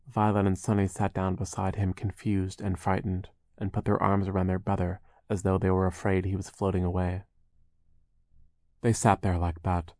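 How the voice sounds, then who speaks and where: Deep-voiced man reading a storybook. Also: darkish tone, dry recording, studio quality. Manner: measured storytelling, wry asides. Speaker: audiobook narrator. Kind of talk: scripted narration.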